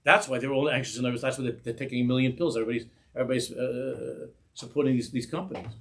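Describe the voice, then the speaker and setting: A middle-aged man, a rabbi, giving an animated Torah class, acting out little dialogues and sprinkling in Yiddish and Hebrew words. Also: mid-range voice, rapid-fire.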